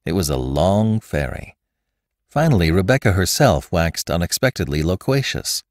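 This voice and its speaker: Deep-voiced man narrating a classic tale. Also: normal speed, no room sound. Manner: expressive reading. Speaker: podcast narrator. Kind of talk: scripted storybook narration.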